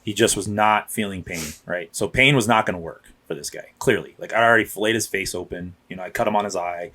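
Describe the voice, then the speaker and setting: Low-voiced and fast, a man in his thirties who works as a police officer tells casual, wandering stories for a podcast. The tone is bright and forceful, and he keeps restarting and acting out what people said.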